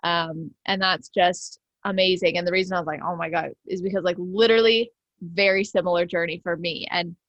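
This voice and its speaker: A woman's voice: on the low side, steady tone, fairly quick, no echo, highs cut off. A woman hosting a podcast interview, effusive and affirming, talking casually with lots of fillers. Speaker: podcast host.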